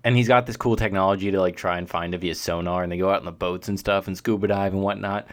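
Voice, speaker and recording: A man's voice: low-pitched, steady tone, fast. A young man co-hosting a podcast, laid-back and blunt, swearing freely as he chats. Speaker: podcast co-host. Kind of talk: casual chat.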